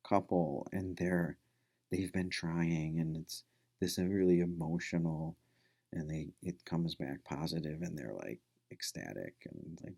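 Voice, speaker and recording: Low, gravelly man giving a rambling lecture. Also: dark tone. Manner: rambling, full of fillers and restarts. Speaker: instructor. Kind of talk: casual recorded lecture.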